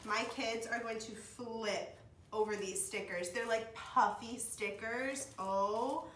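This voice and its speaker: A woman in her twenties chatting to camera about her work as a speech-language pathology assistant, gushing and excited, with lots of "like" and "oh my gosh". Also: fairly high pitch, slow. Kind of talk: casual chat to camera. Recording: echoey room, mic at a distance, faint noise.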